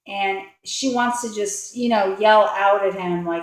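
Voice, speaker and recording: A woman's voice: mid-range voice, a little slow, hardly any pauses. A woman giving a casual tarot reading, rambling with lots of fillers and acting out the thoughts of the people in the cards. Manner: rambling, filler-heavy, acts out quoted thoughts. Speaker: tarot card reader. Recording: roomy echo.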